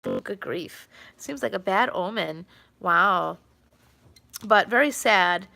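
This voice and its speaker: Chatty woman with a gravelly bright voice. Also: medium pitch, slow pace. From New York. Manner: chatty, rambling, with many fillers and restarts. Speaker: live streamer. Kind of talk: casual live-stream chat.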